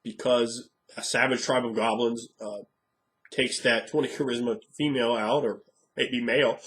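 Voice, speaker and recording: A man's voice: medium pitch, fairly even intonation, moderate pace, fairly bright tone. A man talking casually about running role-playing games, frank and rambling as he thinks aloud. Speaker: game master. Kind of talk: casual monologue.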